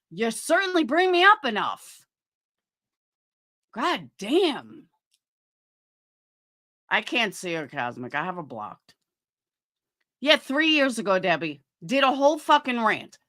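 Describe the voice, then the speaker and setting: A woman in a heated livestream rant who swears constantly and keeps a sarcastic bite. Her voice is high and very bright, with a sharp, cutting edge. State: fighting cancer. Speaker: livestream host.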